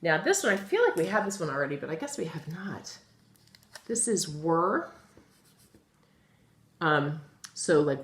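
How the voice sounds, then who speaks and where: A woman with a low voice teaches a phonics lesson to young children. She speaks patiently and addresses them directly, slowly spelling out each word letter by letter. She sounds middle-aged. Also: lively intonation. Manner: talks directly to children as guys.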